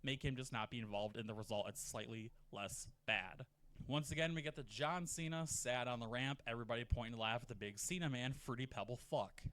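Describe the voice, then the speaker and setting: A man narrating in a casual, profane, animated way, often slipping into mock quotes. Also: medium pitch, fairly quick. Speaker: narrator of a wrestling rebooking video. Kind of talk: casual scripted commentary.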